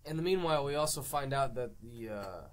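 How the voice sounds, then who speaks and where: A young man on a podcast, speaking hesitantly and haltingly about a movie. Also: mid-range voice, expressive. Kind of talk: casual movie review chat.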